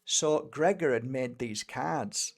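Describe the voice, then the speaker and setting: Gravelly British man telling a story. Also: medium pitch, slow pace. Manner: rambling, with many fillers and restarts. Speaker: energy healer and tarot reader. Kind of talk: personal storytelling.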